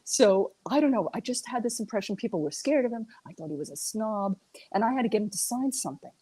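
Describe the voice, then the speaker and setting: A woman's voice: medium pitch, fast talker, husky, no room sound. A woman from the United States, a regular correspondent chatting casually and telling stories with lots of laughter. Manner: animated storyteller, laughs a lot. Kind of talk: casual chat.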